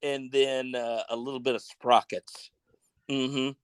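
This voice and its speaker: A man's voice: medium pitch, flat delivery, a little slow, clean tone, no echo. A man hosting a podcast, chatting casually and laughing often. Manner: laughs often, short reactions. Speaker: podcast host. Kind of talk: casual interview chat.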